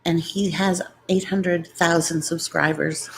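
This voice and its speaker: Low-voiced chatty New woman. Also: fairly even intonation, slow, gravelly, slight background noise, low-quality recording. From New York. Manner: rambling, chatty, jumps between topics. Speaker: YouTuber hosting a live chat. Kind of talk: casual live-stream chat.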